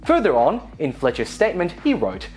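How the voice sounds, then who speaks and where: A woman's voice: low voice, wildly swooping pitch, a little fast, darkish tone, soft background music. Wry woman hosting tech news. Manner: sarcastic, playful asides. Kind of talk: scripted news commentary.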